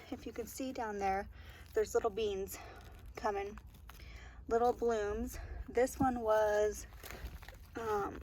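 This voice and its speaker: A woman's voice: on the high side, darkish tone, a little hiss or hum. A woman vlogging casually as she tours her garden, chatty and laughing often, with many ums. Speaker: homestead vlogger. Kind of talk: casual garden tour vlog. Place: outdoor garden.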